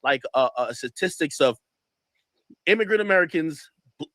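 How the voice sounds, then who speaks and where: A man's voice: on the high side, animated, moderate pace, a bit bright, no echo. A man in a podcast clip, talking casually and hesitantly with many fillers. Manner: hesitant, full of fillers and restarts. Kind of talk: casual conversation.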